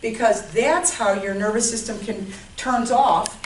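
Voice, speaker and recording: A woman's voice: fairly high pitch, a little slow. Woman lecturing a class from a distance. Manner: conversational, checks in with listeners often. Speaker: health educator. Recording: roomy, distant mic, faint noise.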